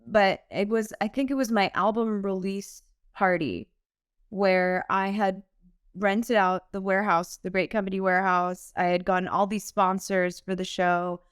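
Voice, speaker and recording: Smooth-voiced young woman telling her story earnestly. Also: medium pitch, fairly even intonation, unhurried, no echo, studio quality. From United States. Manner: earnest, emotional, laughs often. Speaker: singer-songwriter guest. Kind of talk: candid podcast interview.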